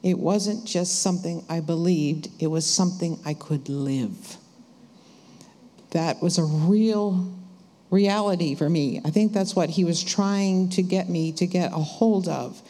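A woman slowly and reflectively sharing her faith testimony. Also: lowish voice, dark tone. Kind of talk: church testimony talk. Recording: hall reverb.

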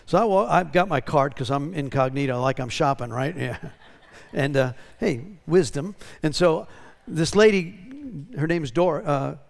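A man's voice: fairly high pitch, lively intonation, measured pace, gravelly. A pastor talking casually to his congregation, drawing out testimonies and often checking in with "right?". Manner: conversational, tag questions.

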